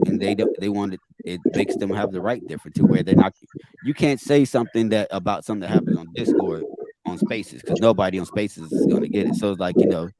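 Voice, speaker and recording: A man's voice: sits low, warm tone, poor audio. A man hosting a casual podcast chat, restarting and repeating phrases as he builds his point.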